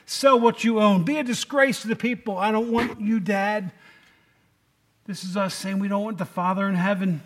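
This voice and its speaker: A middle-aged man delivers a sermon with a notably high voice. He talks in a loose, conversational way and keeps turning to the congregation with questions. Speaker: pastor.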